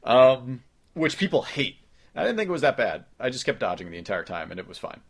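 A man co-hosting a casual gaming podcast, talking loosely with plenty of swearing and quick interjections. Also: medium pitch, very animated, vocal fry. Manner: loose, profane, quick to jump in. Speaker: podcast co-host.

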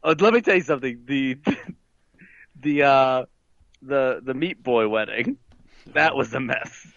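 A man's voice: mid-range voice, a little slow, creaky, fairly bright tone, no echo, dull audio. A man doing a boastful wedding planner caller. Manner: boastful, keeps saying "let me tell you something". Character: smug male video game wedding planner. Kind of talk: comedic improv character.

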